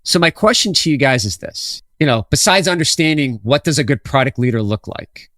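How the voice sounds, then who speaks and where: A man co-hosting a podcast, telling a story from his working life in an easy, casual way. He brings the story to life by acting out each line of dialogue. His voice sits at an ordinary middle pitch, recorded dry and close to the mic. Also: brisk, no room sound. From Wisconsin, USA. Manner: animated storyteller, acts out dialogue. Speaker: podcast co-host.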